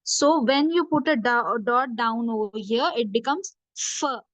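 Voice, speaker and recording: A woman's voice: fairly high pitch, unhurried, dry recording, muffled recording. A woman teaching a phonics lesson, patiently repeating letter sounds for young learners. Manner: patient, drills sounds over and over. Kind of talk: phonics lesson, slow repetition.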